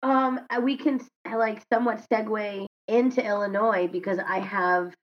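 A woman co-hosts a podcast in casual chat, speaking at normal speed with a medium pitch and fairly even intonation. She rambles and corrects herself along the way, and the lo-fi recording sounds slightly dull.

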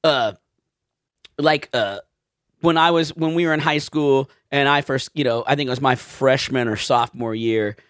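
A man's voice: medium pitch, normal speed, fairly bright tone, smooth, no room sound, studio quality. A young man casually telling a joking story on a podcast. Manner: joking, laid-back storyteller. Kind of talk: casual chat.

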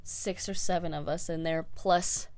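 A young woman co-hosting a podcast, telling a story in casual chat, animated and laughing as she acts out what people said. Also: lowish voice, unhurried, dry recording. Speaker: podcast co-host.

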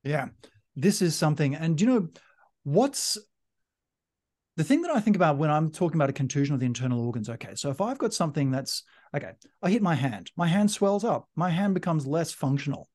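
A man's voice: a little high, lively intonation, a little fast, a little mellow. Playful man hosting a therapy podcast. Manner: playful, teaching, loves doing voices. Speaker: podcast host, manual therapist. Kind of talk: casual podcast chat.

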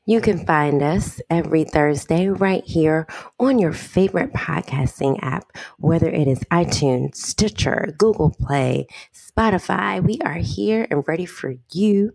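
A woman's voice: low-pitched, lively intonation, a little slow, gravelly, a little mellow, dry recording. A woman co-hosting a faith podcast in casual chat, laid-back and plain as she reads out details. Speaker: podcast co-host.

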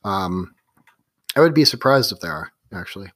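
A man joking around and asking questions in a relaxed conversation. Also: low voice, moderate pace. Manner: joking, laughs easily. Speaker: podcast co-host. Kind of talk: casual chat.

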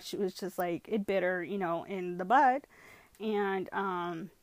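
A woman's voice: medium pitch, no room sound. Woman vlogging at home, flips english and spanish, lots of you know and like, dry close sound. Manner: switches between English and Spanish mid-sentence. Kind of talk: casual storytelling to camera.

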